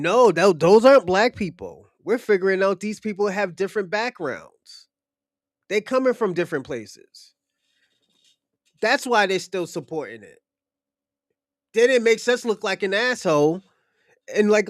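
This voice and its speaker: A man's voice: sits high, normal speed, dry recording, clean studio sound. A young man talking bluntly and heatedly in a casual podcast discussion, swearing and repeating his points. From United States. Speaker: podcast host.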